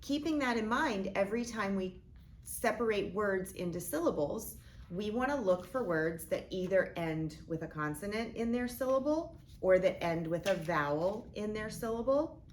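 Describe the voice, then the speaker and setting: A woman teacher modeling a phonics lesson, speaking slowly and deliberately as she sounds out each part of a word. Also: mid-range voice, animated, a little hiss or hum. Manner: slow, deliberate, sounding out words.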